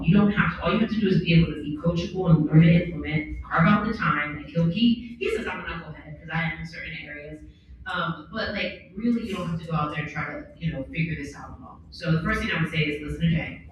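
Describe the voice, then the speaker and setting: Animated woman in a far-off echoey hall. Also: deep voice, dull audio, a little hiss or hum. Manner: animated, candid, blunt, acts out quotes. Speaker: panel speaker. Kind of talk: conference panel talk. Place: large event hall on a stage.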